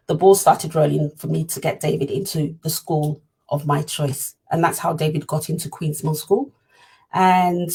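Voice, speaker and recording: Woman, parent telling her story; husky, earnest, repeats herself for emphasis. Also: low-pitched, mellow. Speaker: parent sharing her experience. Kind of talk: personal storytelling talk.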